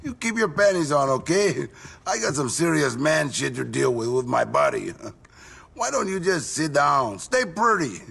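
An actor playing a brash, flamboyant gang boss in a video game, talking in loud, boastful, theatrical bursts. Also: male voice, fairly high pitch, sing-song, moderate pace, creaky, breathy edge, full character voice. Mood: swaggering. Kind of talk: video game cutscene acting.

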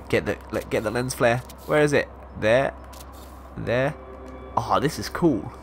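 A young man giving excitable let's-play commentary, exclaiming and laughing often as he plays. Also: mid-range voice, slow pace, long pauses, a little hiss or hum. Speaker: gaming YouTuber.

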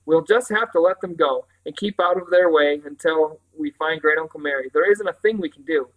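A man reading a story aloud, voicing a sensible, sharp-tongued girl in a lifted, brighter tone. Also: fairly high pitch, brisk, narrow, tinny audio, natural voice. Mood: dismissive.

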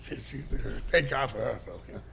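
A middle-aged man, a podcast guest telling stories in a loud, animated way and swearing freely. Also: medium pitch, a little fast, crowd noise. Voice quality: gravelly, animated, swears a lot and shouts during stories. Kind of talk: casual storytelling.

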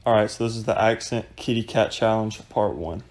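A man's voice: on the low side, brisk. A man casually introducing his cats for a home video in a laid-back, drawling way. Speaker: pet owner.

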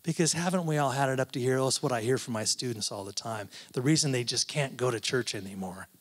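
A professor speaks as a guest at a church, giving a conversational talk full of asides and frequent restarts. His medium-pitched voice is slightly rough and moves at a quick pace.

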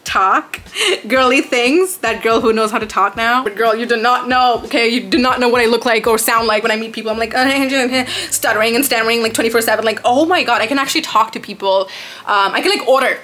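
A woman's voice: fairly high pitch, fast talker, a bit bright. A woman in her early twenties from Dubai, chatting in a casual question-and-answer vlog, bubbly and rambling with dramatic exclamations. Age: 20s. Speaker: vlogger answering viewer questions.

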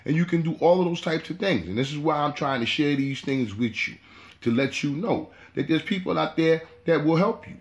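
A man's voice: fairly high pitch, expressive, a little fast. A man hosting his own hobby channel, giving a casual, repetitive how-to talk full of "you know". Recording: echoey room.

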